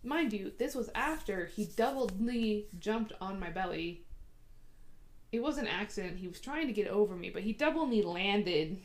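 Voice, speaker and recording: Animated woman, a mother, chatting casually. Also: mid-range voice, moderate pace. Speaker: podcast co-host. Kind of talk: casual chat.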